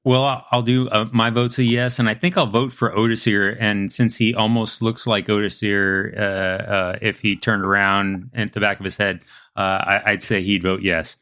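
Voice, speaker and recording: Bright, teasing male podcast co-host. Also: on the low side, flat delivery, normal speed. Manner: joking, teasing. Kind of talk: casual chat.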